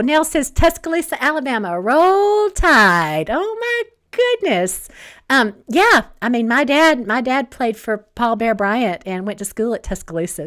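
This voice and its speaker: A woman author hosting a casual livestream, reading viewer comments aloud and chatting in a rambling way with lots of fillers and restarts. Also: mid-range voice.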